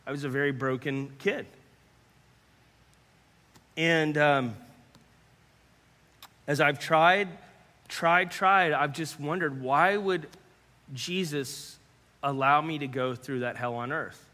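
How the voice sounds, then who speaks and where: A male pastor giving an earnest personal testimony sermon, halting and repeating words, sometimes dropping to hushed tones. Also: a little high. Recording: long hall reverb.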